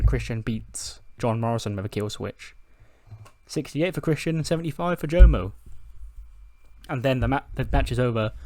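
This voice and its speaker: A man's voice: medium pitch, a little mellow, dry recording. Brief: casual male let's-play commentator, chatty, self-amused, dry mic. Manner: chatty, laughs at himself, reads out scores. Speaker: game commentator.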